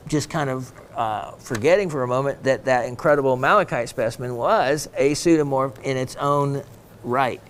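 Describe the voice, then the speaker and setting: A man's voice: a little high, smooth. A man hosting a gem shopping show, chatting casually and reading viewer messages aloud, with plenty of ums and uhs.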